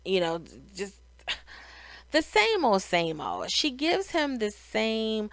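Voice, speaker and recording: A woman's voice: a little high, big pitch swings, slow pace, fairly bright tone, dry recording. A middle-aged woman giving a casual, opinionated reality show recap, sighing and restarting her sentences as she talks. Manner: chatty, opinionated, frequent sighs and restarts.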